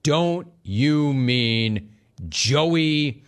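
Sarcastic, fairly high-voiced sports talk man. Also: extremely slow. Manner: sarcastic, needling, laughing at callers. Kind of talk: sports talk radio monologue.

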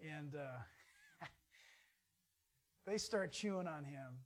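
A man preaching an informal sermon in a folksy, jokey way, swinging from loud bursts to hushed asides. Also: on the high side, slow pace.

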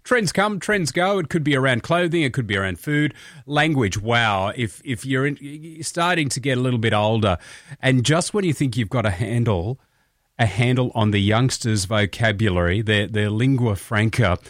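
A man's voice: medium pitch, expressive, moderate pace, a bit bright, no room sound, clean studio sound. An Australian man hosting a breakfast radio show, chatting in a jokey way and laughing at his own asides.

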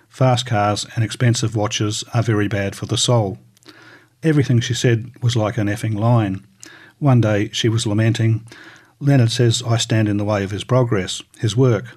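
A man reading recollections aloud in a measured, scripted audiobook narration. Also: on the low side, a little mellow.

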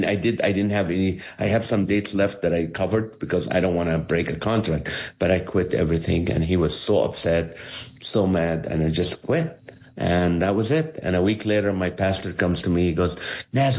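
A middle-aged man from the Holy Land, a comedian telling stories in an interview, acting out each quoted voice with energy. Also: low-pitched. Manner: animated, acts out the quoted voices. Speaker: comedian guest. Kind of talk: storytelling in an interview.

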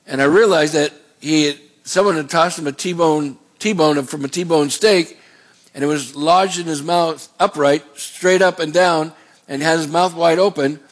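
A man's voice: a little high, a little slow. A middle-aged man preaching a sermon as a pastor, in a conversational way with rambling asides.

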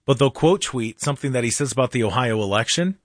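A man hosting a casual political talk radio show in a studio, animated and mocking, with jokey asides. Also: medium pitch, quick pace, no room sound.

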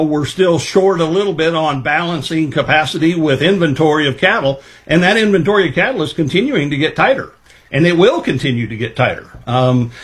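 Middle-aged guy, kinda high voice, talks slow and careful w lots of "you know"s. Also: a bit bright. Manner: measured, thinking aloud with many fillers. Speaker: livestock marketing specialist guest. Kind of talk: casual interview answers.

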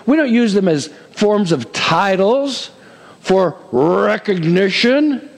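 Lively man preaching in a reverberant hall. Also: a little high. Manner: conversational preaching with frequent "amen?" asides and humor. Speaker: pastor. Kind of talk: sermon.

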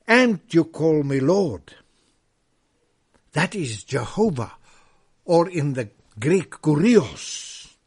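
A man preaching a sermon, swinging from loud proclamation to hushed whispers and drawing out scripture verses emphatically. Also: medium pitch, slightly rough. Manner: drawn-out emphatic reading of scripture.

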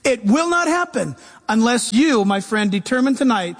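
A pastor preaching a sermon, animated, swinging between loud and soft. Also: male voice, very high-pitched, normal speed, long reverb tail.

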